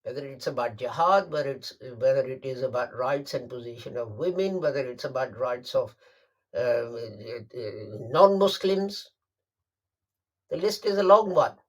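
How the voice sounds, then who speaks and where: A man delivering a Friday sermon, emphatic and deliberate, repeating phrases for stress. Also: mid-range voice, lively intonation. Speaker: preacher.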